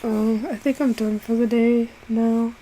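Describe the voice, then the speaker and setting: A sick young woman, congested and hoarse, talking wearily in a casual vlog, with many pauses and fillers. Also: on the high side, level tone, dark tone, slight background noise, rough recording. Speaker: vlogger.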